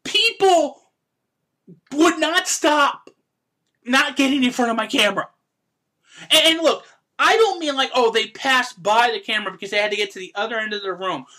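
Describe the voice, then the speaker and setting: A woman hosting a podcast, ranting in an animated, exasperated way with loud outbursts. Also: on the high side, moderate pace, pauses often. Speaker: podcast host. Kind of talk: casual podcast rant.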